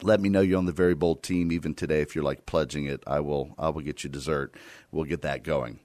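A man with a deep voice hosts a faith radio program. He talks in a playful, self-mocking way as he pitches for donations, and the studio sound is dry and close. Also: steady tone, a little fast, darkish tone, dry recording. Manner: playful, self-deprecating, jokey. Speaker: radio host. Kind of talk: radio ministry talk and fundraising pitch.

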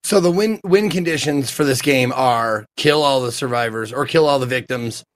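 A man's voice: medium pitch, normal speed. Guy on a podcast asking stuff, lots of uh and um, easygoing. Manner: hesitant questions with fillers. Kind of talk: casual chat.

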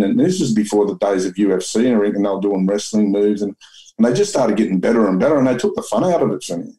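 A man's voice: medium pitch, mellow, poor audio. An Australian man telling his story as an interview guest, rambling and blunt with lots of restarts and swearing.

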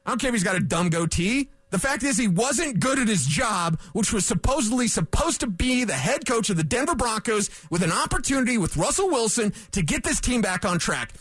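A man's voice: high-pitched, sing-song, fairly quick, few pauses, a bit bright, breathy edge, no echo. A male sports radio host delivering a fired-up, combative rant in a studio, hammering his points with repetition. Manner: emphatic, combative, repeats points for punch.

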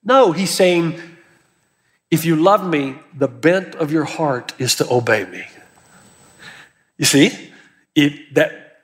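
A man's voice: sits high, animated, a little slow, pauses often. A male pastor preaching an earnest, emphatic sermon, lifting his voice on key words. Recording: long hall reverb.

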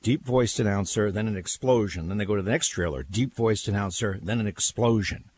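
An older man hosting talk radio, telling stories in casual chat with a husky voice and lots of repeated words. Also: on the low side, a little fast, slight background noise. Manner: animated storyteller, repeats words, laughs.

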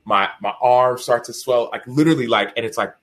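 Casting note: man in his thirties, bright, forward tone, lively podcast guest who acts out the voices in his stories. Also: mid-range voice, a little fast. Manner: animated storyteller, acts out quotes, frequent "right?". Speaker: guest author. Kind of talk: podcast interview storytelling.

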